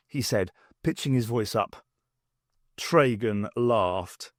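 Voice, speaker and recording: A male audiobook reader narrating a novel unabridged, at a slow and careful pace. His voice sits in an ordinary middle register, and the sound is very dry and close, with no room echo. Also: medium pitch, animated.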